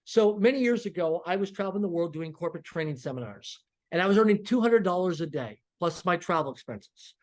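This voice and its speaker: A man's voice: sits high, brisk. A middle-aged man, a podcast guest, telling a story with energy and acting out the dialogue. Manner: animated, acts out dialogue in quotes.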